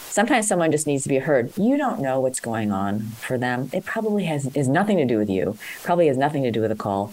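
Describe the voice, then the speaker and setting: A woman's voice: rumbling low, a little mellow. A woman hosting a call-in show and coaching a caller on workplace communication, talking with energy and acting out sample dialogues.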